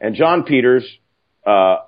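An older man, a film writer-director guest, tells casual anecdotes in an animated, profane style, acting out the voices he quotes. His mid-range voice moves slowly, and the audio is muffled and lo-fi.

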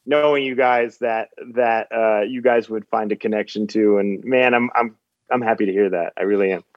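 A man being interviewed about his film, speaking in a halting way with many restarts. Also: lowish voice, steady tone, no room sound, lo-fi sound. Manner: halting, repeats words while thinking. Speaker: film director guest. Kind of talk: casual interview chat.

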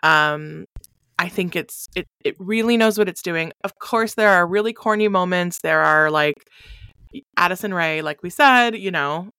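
Here a podcast co-host, a woman, reviews a movie in relaxed chat, laughing a lot. Her voice sits on the low side and moves a little slowly, pushed and bright with a clean tone, captured dry at studio quality.

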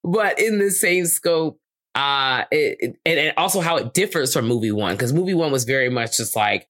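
A man co-hosting a casual movie review podcast, talking in an animated, profane way and acting out quotes. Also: moderate pace. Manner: animated, profane, acts out quotes with big pitch jumps. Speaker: podcast co-host.

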